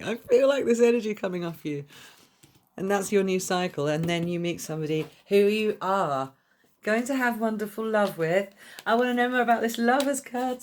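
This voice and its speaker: A woman's voice: fairly low pitch, normal speed, a little mellow. A young woman reading tarot cards to camera in a chatty, gushing way, swearing freely. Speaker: tarot reader.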